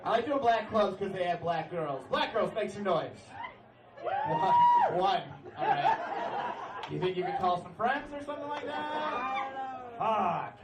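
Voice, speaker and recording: On a club stage, an animated young comic with a brash manner delivers stand-up at a normal speed, his voice high for a man and frequently bursting into shouted announcer-style bits. He's far from the mic, so he sounds roomy and a bit off-mic, with loud crowd laughter breaking through again and again.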